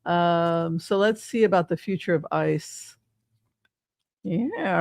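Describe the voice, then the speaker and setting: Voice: medium pitch, slow pace, gravelly, long pauses, no room sound. Older tarot reader just chatting, rambly and sarcastic, cusses a lot, dry close sound. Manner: rambling, sarcastic, swears freely. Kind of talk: casual tarot reading chat.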